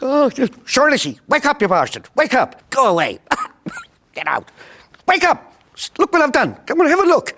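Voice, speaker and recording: A New Zealand man voicing an excitable castaway, high and shouty. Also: normal speed, slight background noise. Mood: excited.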